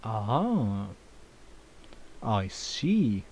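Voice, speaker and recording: A man's voice: on the low side, sing-song, very slow, a little mellow, a little hiss or hum. A young man hosting a let's play, joking around, swearing and using lots of fillers. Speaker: gaming channel host.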